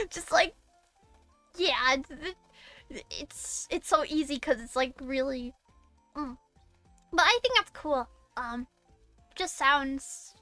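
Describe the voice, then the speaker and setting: High, bright-voiced giggly young woman. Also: slow pace, long pauses, dry recording, soft background music. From Massachusetts. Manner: rambling and giggly, with many fillers and restarts. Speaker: VTuber streamer. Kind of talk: casual live-stream chat.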